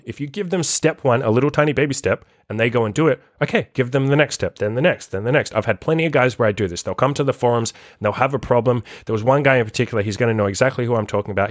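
A man's voice: medium pitch, dry recording, studio quality. A man who coaches people on self-improvement, talking in a blunt, profane, casual monologue full of "like" and acted-out quotes.

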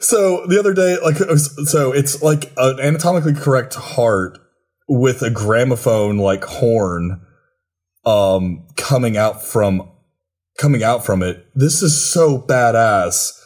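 A young man co-hosting a podcast, chatting casually and excitedly describing gifts he is opening. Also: mid-range voice, a little slow. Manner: excited, swearing, laughing while describing gifts. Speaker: podcast co-host. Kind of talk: casual chat.

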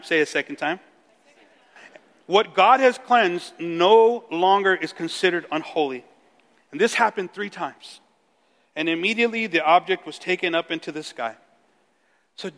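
Male pastor, lively sermon delivery, acts out the dialogue, high voice, church hall with long reverb. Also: normal speed. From Mexico. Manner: animated preaching, acting out dialogue.

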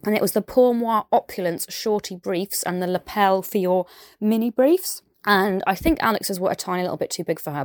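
A woman's voice: deep voice, a little mellow, no echo. Chatty Southern English woman, dry sound. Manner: chatty, enthusiastic, with fillers and asides. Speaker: podcast presenter. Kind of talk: casual chat.

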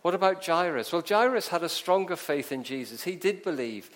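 Animated preaching man, fairly high voice. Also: a little fast. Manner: animated storytelling with rhetorical questions. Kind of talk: sermon.

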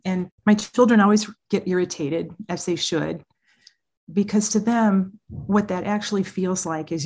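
A woman's voice: fairly low pitch, moderate pace. Middle-aged lady therapist on a podcast, chatty storyteller, laughs a lot. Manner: animated storyteller, laughs often. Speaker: guest therapist. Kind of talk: podcast interview.

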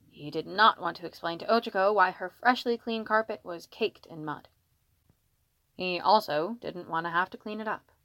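A woman narrating a fanfiction story in a steady storytelling read. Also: on the low side, normal speed, no echo. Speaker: fanfiction reader. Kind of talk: audiobook narration.

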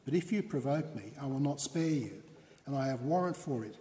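A man's voice: medium pitch, expressive, fairly quick, warm tone, natural voice. A man reading as a blustering, insulting prosecutor. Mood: accusing. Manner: bombastic, accusing. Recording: long hall reverb.

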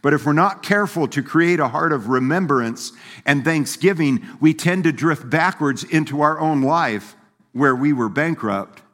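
A man's voice: fairly high pitch, moderate pace, fairly bright tone. Folksy male pastor in a reverberant hall. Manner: folksy, conversational preaching with laughs and quoted voices. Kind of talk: sermon.

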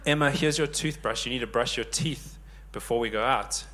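A man in his thirties preaching a sermon, lively and joking with the congregation. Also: medium pitch, normal speed, noisy background. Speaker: pastor.

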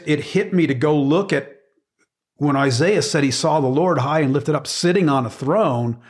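Middle-aged man, plain mid-range voice, earnest conversational Bible teacher, emphatic with frequent restarts. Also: mid-range voice. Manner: earnest, emphatic, repeats words while searching for phrasing.

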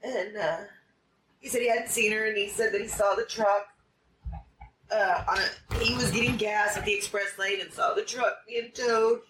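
A woman interviewee retelling events in an animated, panicky way, full of fillers and quoted dialogue. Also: medium pitch, normal speed. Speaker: interviewee, friend of missing woman. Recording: roomy distant recording with faint background noise.

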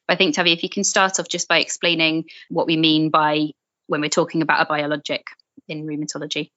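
A woman hosting a medical podcast, presenting briskly and fluently as a paediatric registrar. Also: low-pitched, level tone, bright, forceful tone, no echo. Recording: slightly dull dry podcast audio.

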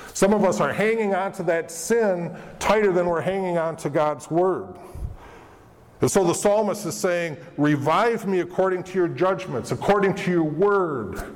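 A man preaching a sermon as pastor, earnest, acting out quoted voices of people now and then. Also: on the high side. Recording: long hall reverb.

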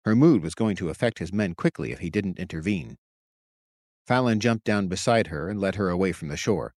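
A man reading his own story aloud in steady, measured audiobook narration. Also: deep voice, no room sound. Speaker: author and narrator.

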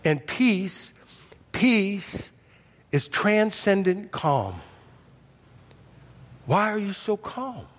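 A man preaching a sermon as pastor, folksy and animated, dropping from loud emphasis to hushed intensity. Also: sits high, extremely slow, pauses often, long reverb tail. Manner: folksy, humorous asides.

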